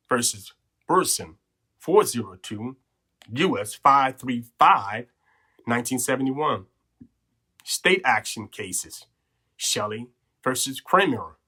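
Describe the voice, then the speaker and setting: A man's voice: mid-range voice, sharp tone. A man hosting a podcast, explaining legal rights in an earnest coaching way, checking in with "okay?" and "right?", a little out of breath. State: slightly out of breath. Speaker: podcast host. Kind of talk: instructional talk on legal rights.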